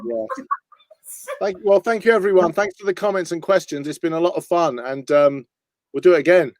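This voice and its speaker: A man's voice: high-pitched, fairly quick, dry recording. A man with a Manchester accent, a guest impressionist chatting and joking over a video call on a live stream. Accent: Mancunian. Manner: lively, joking, breaks into put-on voices. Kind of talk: casual chat on a live stream.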